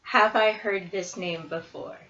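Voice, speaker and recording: Woman player asking lots of questions, bright kinda sharp voice, lo-fi. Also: mid-range voice, steady tone, unhurried. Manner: inquisitive, probing questions. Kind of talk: playing a tabletop game. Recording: lo-fi audio with faint hiss.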